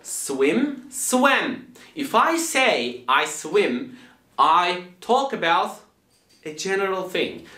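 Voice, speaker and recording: A man teaching an English grammar lesson in a video, talking slowly and acting out example dialogues in different voices. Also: high voice, pushed and bright, echoey room.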